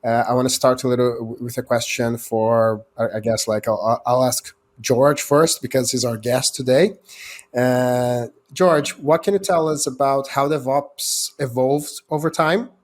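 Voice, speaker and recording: Male podcast host, friendly and chatty, mid-pitched, casual. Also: fairly even intonation, a little slow.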